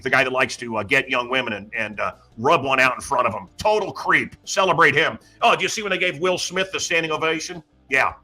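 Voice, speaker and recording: A man's voice: mid-range voice, fairly quick, hardly any pauses, sharp tone, soft background music. A man hosting a talk show, delivering a sarcastic, ranting comedic monologue full of mocking asides. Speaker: radio show host.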